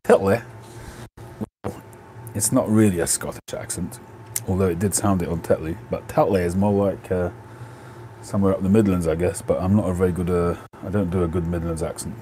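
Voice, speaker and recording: A man's voice: sits low, fairly even intonation, fairly quick, warm tone, slight background noise. A man hosting a casual live stream from home on a phone, chatting and answering viewers' comments.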